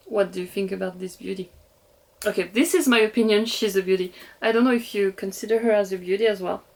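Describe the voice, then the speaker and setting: A young woman with a French accent, chatting casually and gushing as she unboxes dolls for her viewers. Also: mid-range voice. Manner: gushing, giggly, talks to viewers. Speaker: doll collector vlogger.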